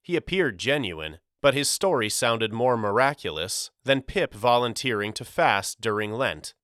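Man reading an audiobook, slow and deliberate, smooth crisp voice, dry close mic. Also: mid-range voice, big pitch swings, a bit bright, no echo. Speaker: audiobook narrator. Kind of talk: scripted narration.

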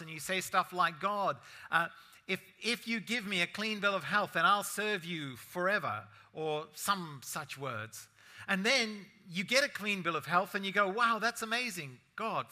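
A man's voice: sits high, pushed and bright. A man preaching a sermon as a pastor, in a conversational style full of rhetorical asides to the congregation.

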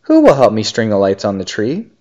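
A man's voice: fairly low pitch, wildly swooping pitch, fairly quick, mellow. A man voicing a dedicated, cheerful little female elf in a storybook reading, sweet and upbeat. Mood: cheerful, determined. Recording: dull lo-fi recording.

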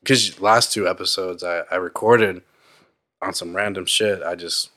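A man's voice: low-pitched, steady tone, unhurried, pushed and bright. A young man guesting on a podcast in a studio, rambling casually with lots of "like" and swearing. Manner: rambling with many "like"s, profane.

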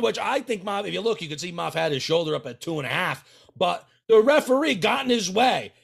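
Gravelly guy on a podcast, kinda high voice, cocky and loud-mouthed, roasting everybody. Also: animated, fairly quick, hardly any pauses. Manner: brash, boastful trash talk. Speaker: wrestling manager and podcast regular. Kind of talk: casual podcast chat.

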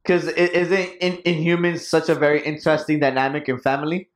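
A man's voice: fairly high pitch, flat delivery, a little fast. A man in casual podcast chat, blunt and swearing often. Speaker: podcast co-host. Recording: echoey room.

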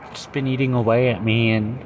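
A man hosting his own podcast, talking through personal reflections in an earnest, halting way with fillers and restarts. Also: medium pitch, level tone, noisy background. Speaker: podcast host.

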